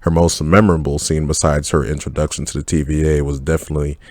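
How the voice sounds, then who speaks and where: This reviewer talks fast in an extremely low, flat voice, with no room sound. He speaks his mind about a TV series in a casual, blunt, profane review, holding nothing back.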